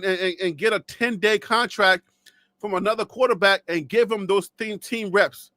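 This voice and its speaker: A man from Liberia ranting on a live sports stream, animated and mocking, dropping to low asides and rising to shouts while losing his voice. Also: dry recording, clean studio sound. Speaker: sports commentator.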